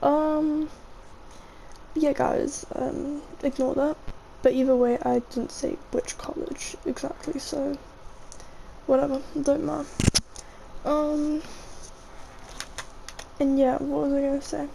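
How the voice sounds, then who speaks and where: A woman's voice: high-pitched, level tone, takes it slowly, vocal fry, long pauses, warm tone, a little hiss or hum, poor audio. A chatty young woman, rambling casually over her gameplay and often saying "mate". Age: young adult. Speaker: gaming vlogger.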